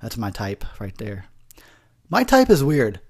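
A man's voice: lowish voice, wildly swooping pitch, a little slow, slightly rough. A man giving a rambling, profane, tipsy commentary over a movie, laughing often.

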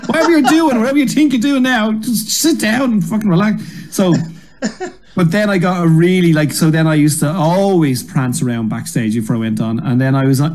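An Irish man, a comedian and guest, telling energetic, rambling stories in a casual interview and swearing freely. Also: fairly high pitch. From Ireland.

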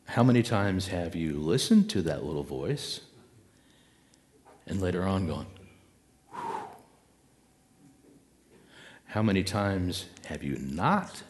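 A man with a very low voice speaks to a gathered audience about spirit and intuition. He talks slowly and reflectively, leaning on pauses and now and then acting out an inner voice. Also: animated, a little mellow.

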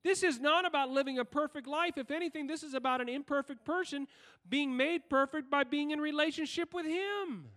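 A pastor with an extremely high, fairly bright voice preaches at a fairly quick pace. He frequently questions the congregation and pauses for replies, his words ringing with the church's long reverb.

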